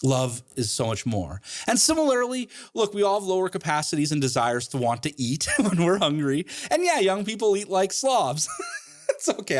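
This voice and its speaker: A man lecturing as a college ethics professor, joking and laughing at his own asides. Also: sits high. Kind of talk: recorded lecture.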